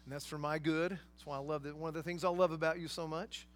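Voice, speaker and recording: A man's voice: fairly high pitch, fairly even intonation, fast talker. A man preaching a sermon, emphatic, with rhetorical questions and casual asides to his congregation. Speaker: pastor.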